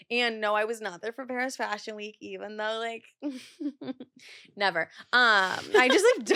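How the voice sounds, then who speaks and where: A woman's voice: medium pitch, a bit bright, dry recording, clean studio sound. A young woman hosting a podcast in casual chat, swearing freely and filling her talk with "like". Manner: chatty, swears a lot, says "like" often. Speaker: podcast host.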